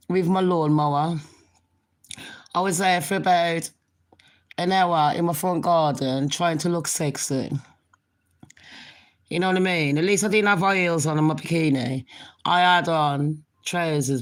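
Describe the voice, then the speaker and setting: A middle-aged woman, chatting casually to her viewers in a rambling, cheeky way while she has a cold and a cough. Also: on the low side. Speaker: vlogger. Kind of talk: casual rambling chat to camera.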